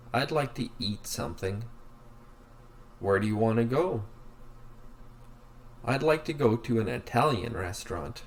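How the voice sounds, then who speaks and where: A man reading beginner English practice dialogues aloud, voicing both sides of each exchange slowly and evenly. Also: medium pitch.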